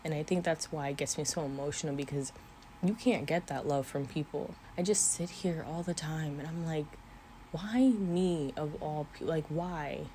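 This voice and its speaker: A woman's voice: sits low, fairly even intonation, a little fast, mellow, slight background noise. A woman in her twenties talking earnestly to camera about her faith, sometimes teary-eyed, with small laughs. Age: 20s. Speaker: vlogger. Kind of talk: emotional faith talk to camera. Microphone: camera mic.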